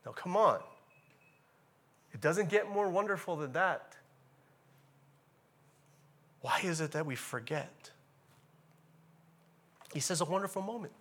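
A man preaching a sermon in a casual, animated way, repeating key phrases and rising to loud emphatic bursts. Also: high voice, slow pace, pauses often. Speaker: pastor.

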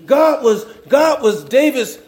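A man's voice: extremely high pitch, expressive, slow, darkish tone. A man preaching a sermon, repeating words and restarting phrases, with frequent asides checking in with the congregation. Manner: repetitive, stumbling restarts, call-and-response asides to the congregation.

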